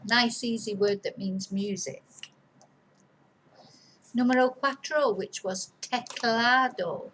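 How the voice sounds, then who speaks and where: A woman teaching Spanish spelling at a deliberately slow, careful pace, dictating each word twice. She spells words out letter by letter and drifts into friendly asides. A faint hiss of background noise sits under her voice. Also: on the high side, fairly bright tone, low-quality recording.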